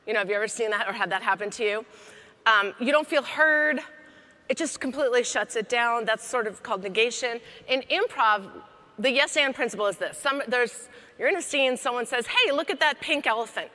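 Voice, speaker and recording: A woman giving a comedic keynote talk on stage, chatty and lively, laughing between lines. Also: fairly high pitch, a little fast. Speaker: keynote speaker. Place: large hall on stage. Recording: echoey hall reverb.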